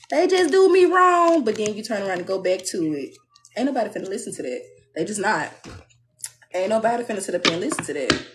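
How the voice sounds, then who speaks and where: Young woman, live tarot reading, blunt, sassy, preachy. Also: slight background noise. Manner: blunt, sassy, preachy, mimics others in high voices. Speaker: tarot reader.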